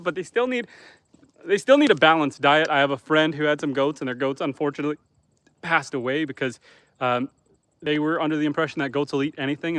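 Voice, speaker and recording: A man's voice: a little high, a bit bright. Canadian man chatting by a campfire. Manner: reads viewer comments aloud and answers them. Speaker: homesteader livestreamer. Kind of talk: casual livestream chat reading comments. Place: outdoors by a campfire.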